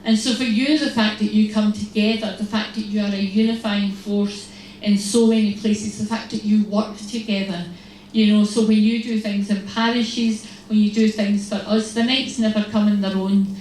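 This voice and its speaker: A religious sister giving a humorous, storytelling talk to an audience, acting out little exchanges. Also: female voice, mid-range voice, flat delivery, moderate pace, darkish tone. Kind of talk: lively faith talk to an audience. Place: large hall. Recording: echoey hall, distant mic, faint noise.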